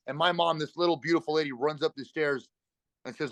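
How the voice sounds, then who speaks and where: A middle-aged man telling a raw personal recovery story as a podcast guest, talking fast and bluntly with emotion and free swearing. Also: on the high side, steady tone, a bit bright, no echo.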